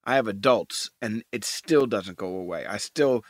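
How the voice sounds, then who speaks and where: A man's voice: fairly low pitch, normal speed, no echo. A man in his forties co-hosting a casual podcast, talking animatedly, swearing freely and acting out what people said. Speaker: co-host.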